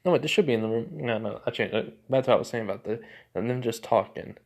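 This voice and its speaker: A man's voice: medium pitch, quick pace, creaky, darkish tone. A man casually retelling a fan story, rambling and often correcting himself mid-sentence with lots of filler words.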